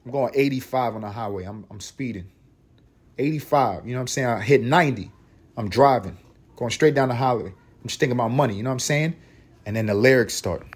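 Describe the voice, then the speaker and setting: A young man from the United States who hosts a podcast, telling a story in casual solo chat, animated, with big swings in pitch and loudness. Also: fairly quick, breathy edge. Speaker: podcast host.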